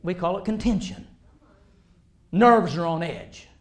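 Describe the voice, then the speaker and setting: A man preaching a sermon, animated, swinging between loud emphasis and quiet asides. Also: sits high, a little slow, echoey room.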